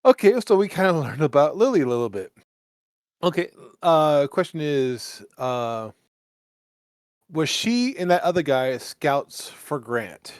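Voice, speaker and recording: A man's voice: on the high side, big pitch swings, unhurried, no echo, clean studio sound. A man playing a tabletop game who jokes and laughs easily while asking the game's questions. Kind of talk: casual tabletop game play.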